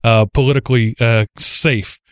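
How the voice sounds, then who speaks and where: An animated man from the Southern United States hosts a casual podcast and tells stories with lively jumps in pitch. His voice is close-miked and dry, with an ordinary middle pitch. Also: normal speed, clean tone, no echo. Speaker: podcast host.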